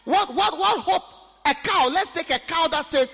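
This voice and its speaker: A male pastor, preaching a lively, humorous sermon in a church. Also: very high-pitched, moderate pace, gravelly. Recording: echoey hall, dull lo-fi sound.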